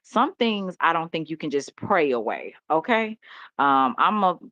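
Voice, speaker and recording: Woman, very low voice, dry close sound, dull lo-fi recording, candid rambling chat. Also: big pitch swings, measured pace, fairly bright tone, dry recording. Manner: candid, rambling, laughs often. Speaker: host. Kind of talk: casual chat. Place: home.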